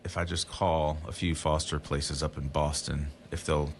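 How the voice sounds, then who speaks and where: A very low-voiced man chats casually as a podcast guest. He tells his story with energy and jumps into high, lively voices when he quotes people. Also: normal speed, a little hiss or hum. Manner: animated storyteller acting out voices of others.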